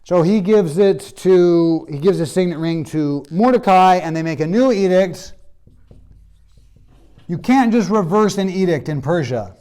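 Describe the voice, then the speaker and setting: Casual, high-voiced male Bible teacher. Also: animated, measured pace, mellow, clean tone. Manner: casual, storytelling, acts out characters' lines. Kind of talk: classroom lecture. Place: classroom.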